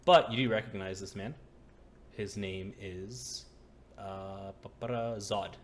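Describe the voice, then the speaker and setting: A man's voice: on the low side, slow. A man narrating a tabletop game as dungeon master, laid-back with lots of fillers.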